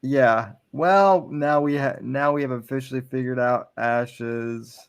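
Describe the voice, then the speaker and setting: Halting, gravelly-voiced podcast man. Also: medium pitch, dull audio. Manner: halting, stumbles and repeats words. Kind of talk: casual podcast chat.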